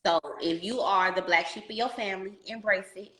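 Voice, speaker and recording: A woman hosts a casual podcast interview, telling stories in an animated, slangy style and calling listeners "y'all". Her voice is medium-pitched and fairly quick, with a reverberant sound.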